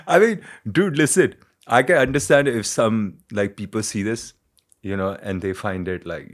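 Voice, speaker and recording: A man with an Indian English accent hosting a casual music reaction, excitable, swearing and laughing often. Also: medium pitch, a little slow. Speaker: reaction video host.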